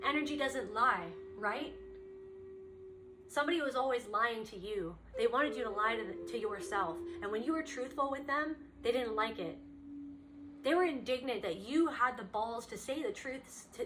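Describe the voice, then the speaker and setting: A woman's voice: on the high side, noisy background. Impassioned woman giving a spiritual reading. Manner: impassioned, repetitive, speaks straight to the listener. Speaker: spiritual reader. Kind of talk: intuitive card reading to camera.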